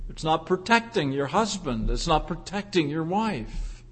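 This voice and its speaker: A man preaching a sermon in an earnest, measured way, repeating key phrases for emphasis. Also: fairly high pitch, sing-song, a bit bright, breathy edge.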